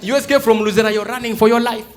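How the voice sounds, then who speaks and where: On a large theatre stage before a live audience, a Ugandan man with a Ugandan English accent performs stand-up at a very fast clip in a high-pitched voice. He animatedly acts out dialogues in shifting voices, with crowd noise filling the background.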